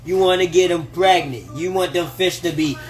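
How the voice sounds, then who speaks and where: In casual livestream talk from his home kitchen, a high-voiced host offers relationship advice at a moderate pace. His manner is animated and profane, punctuated by frequent laughter and acted-out quotes.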